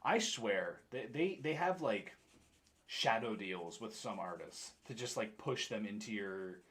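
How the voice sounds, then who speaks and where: A man's voice: lowish voice, expressive, unhurried, a bit bright. A young man with an upstate New York accent, chatting casually on a stream and answering his chat in a rambling way. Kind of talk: casual chat while painting miniatures.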